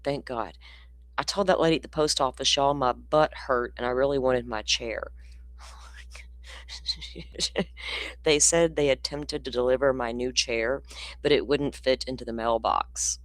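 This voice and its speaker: A woman's voice: extremely low pitch, a little slow, dry recording. A woman hosting a livestream, talking casually and with exasperation, ranting and laughing often. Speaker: livestream host commenting on a trial.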